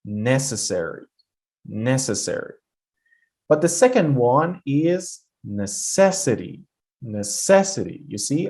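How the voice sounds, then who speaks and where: Man teaching pronunciation, encouraging tone. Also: fairly high pitch. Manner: explanatory, encouraging, with fillers. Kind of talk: casual video lesson.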